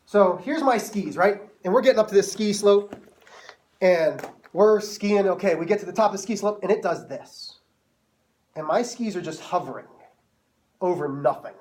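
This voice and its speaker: A man's voice: high-pitched, far from the mic. A male math teacher telling a self-mocking story to his class before moving into the lesson.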